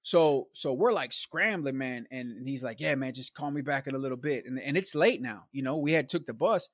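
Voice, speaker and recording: A man's voice: mid-range voice, a little fast, no echo, studio quality. A man telling a long story in a casual, rambling way, with lots of fillers and slang asides. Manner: rambling and animated, heavy on fillers like "like", "man" and "bro". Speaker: guest storyteller.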